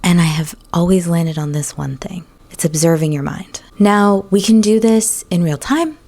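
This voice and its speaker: A woman's voice: lowish voice, moderate pace. A young adult woman talking casually as a mindset coach, chatty and full of "like" and "right?", sometimes dropping into a whisper. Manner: chatty, frequent "like" and "right?", breaks into soft whispers. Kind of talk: casual solo talk to camera.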